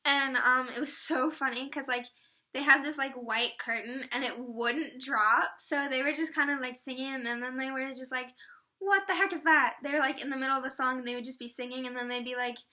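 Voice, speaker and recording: A bubbly teenage girl chats straight to her camera, rambling on with plenty of fillers. Her voice sits high and comes across bright and sharp. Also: fairly even intonation, brisk. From Atlanta area, US Southern. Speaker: vlogger. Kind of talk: casual chat.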